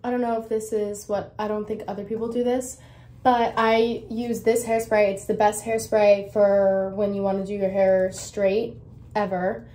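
A young woman talks through a hair tutorial in a loose, rambling way. She mocks herself, trails off and fills gaps with "like" and "um" at a middling pitch. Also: flat delivery, moderate pace, mellow. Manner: rambling, self-mocking, lots of fillers; drifts into whispering at times. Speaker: beauty vlogger. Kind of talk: casual hair tutorial chat.

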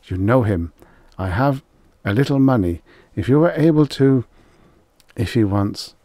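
A man's voice: mid-range voice, expressive, a little slow, warm tone, dry recording, clean studio sound, pitched above the performer's own voice, natural voice. A man voicing a frightened male hunter who stammers and pleads. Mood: pleading.

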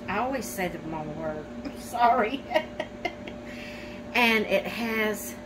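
A woman's voice: mid-range voice, background noise. A middle-aged woman chatting casually as she unboxes mail, gushing and gasping, close to tears with gratitude.

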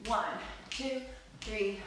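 Over some background noise, a medium-pitched woman stretches out her words while teaching belly dance in a live online class. Her counting of the steps is cheerful and teasing, broken up by frequent laughter, and the far-off mic picks up plenty of room echo.

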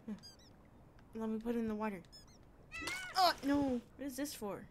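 A woman's voice: fairly high pitch, fast, background noise. A young woman casually commenting on a game as she plays, playful and chatty with sing-song bits. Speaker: gaming streamer.

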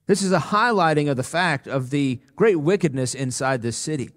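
A man preaching a sermon as pastor, earnest and emphatic, slowing down on key words. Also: fairly high pitch, lively intonation. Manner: earnest, emphatic preaching with slow, weighty pauses. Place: church sanctuary. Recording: long reverb of a church hall.

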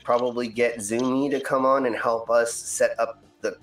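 A man's voice: mid-range voice, fairly even intonation, normal speed, a bit bright. A man hosting a game stream in casual chat, rambling with plenty of ums and uhs. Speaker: stream host. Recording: roomy echo, faint music.

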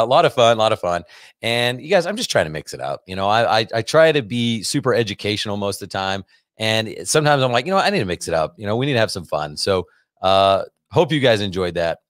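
A man's voice: lowish voice, fairly bright tone, no echo. A man hosting a business podcast, talking casually and energetically, often repeating himself. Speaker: podcast host and business coach. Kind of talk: casual monologue.

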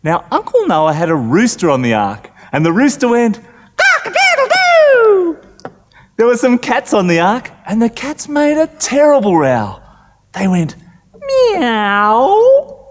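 A man's voice: high-pitched, very animated, normal speed, a little mellow, in a large hall. An Australian man telling a story to young children and making animal noises.

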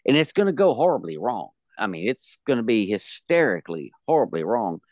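Boisterous host. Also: male voice, fairly low pitch, fairly quick, no room sound, clean studio sound. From United States. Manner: boisterous, joking, animated. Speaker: podcast host. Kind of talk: casual podcast chat.

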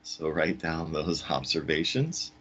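A man's voice: a bass voice, lively intonation, measured pace, a bit bright, husky. A man teaching a science lesson for kids in a chatty, upbeat, demonstrating way.

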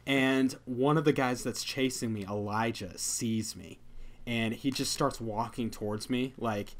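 A young man hosting a podcast, telling a story in casual chat, animated and laughing, full of fillers. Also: mid-range voice, unhurried. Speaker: podcast host.

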